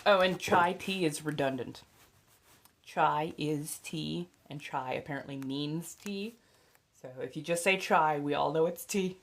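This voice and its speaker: A woman's voice: deep voice, measured pace. A young adult woman hosting a casual livestream, chatty and blunt, swearing freely and dotting her talk with fillers and laughs. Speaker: livestream host and tarot reader.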